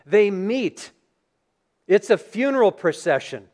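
A man preaching a sermon as pastor in a church, reading scripture and then retelling the story in an animated, dramatic way. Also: sits high, slow pace. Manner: animated storytelling, acting out scenes. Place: church sanctuary.

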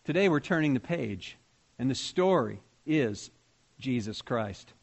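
A man's voice: medium pitch, expressive, a little slow, vocal fry. A man preaching a sermon as pastor, talking conversationally and putting questions to his congregation.

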